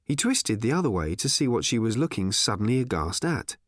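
Reading an audiobook script, a man tells the story expressively at a brisk clip. His voice sits in the mid range, and the studio sound is clean and dry.

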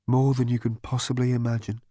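A man voicing a gloomy, depressed male robot with a small metal body, speaking in a flat, weary, resigned way. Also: mid-range voice, brisk, no room sound, clean studio sound, natural voice. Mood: glum.

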